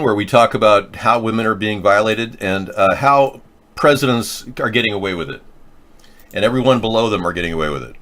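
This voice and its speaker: A man's voice: lowish voice, animated, a little fast, fairly bright tone. A man hosting a live political video chat show, rambling and joking as he answers viewers' comments. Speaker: political talk show host.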